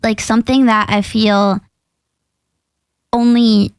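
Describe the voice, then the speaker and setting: A woman's voice: fairly high pitch, flat delivery, slow, clean tone, dry recording. A woman co-hosting a podcast, chatting casually in a playful, giggly, rambling way. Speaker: podcast co-host. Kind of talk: casual chat.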